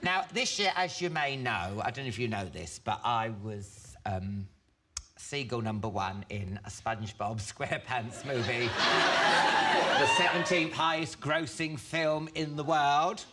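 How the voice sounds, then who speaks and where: A man's voice: medium pitch, expressive, unhurried. A man from Northampton, England, hosting a comic talk show in a camp, gossipy, joking way. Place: TV studio. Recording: noisy studio with loud audience. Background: studio audience laughter.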